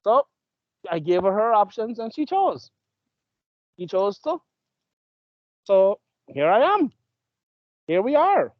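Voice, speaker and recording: Male co-host, 30s, laid-back storyteller, animated pitch, dry dull mic. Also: slow, pauses often, no room sound. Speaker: podcast co-host. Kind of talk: casual chat.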